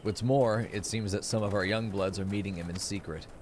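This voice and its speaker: A man reading aloud the lines of a stern old male tribal elder from a game, in a low, even voice. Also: fairly quick, slight background noise, close to an everyday voice. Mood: measured.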